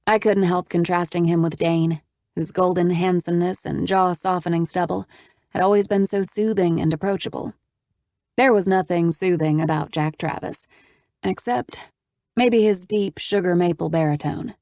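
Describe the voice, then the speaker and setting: Low-voiced woman reading an audiobook. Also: steady tone, moderate pace, warm tone, no echo. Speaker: audiobook narrator. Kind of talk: scripted audiobook narration.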